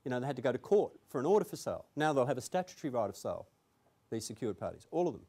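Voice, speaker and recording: A man's voice: mid-range voice, big pitch swings, racing, dark tone. A man presenting a legal seminar to an audience in a room, talking conversationally with emphatic asides.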